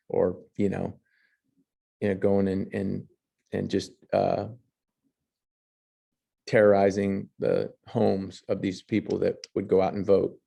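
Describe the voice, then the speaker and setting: Gravelly low-voiced man lecturing over slides. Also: mellow. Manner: reads passages then comments on pictures, with fillers and restarts. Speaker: history teacher.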